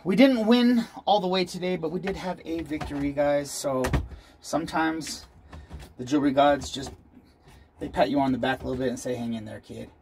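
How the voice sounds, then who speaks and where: A man's voice: fairly high pitch, moderate pace, noisy background. Casual man narrating his metal pour. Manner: talks to viewers while working, self-deprecating, frequent "guys". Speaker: jewelry maker vlogger. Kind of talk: casual workshop vlog.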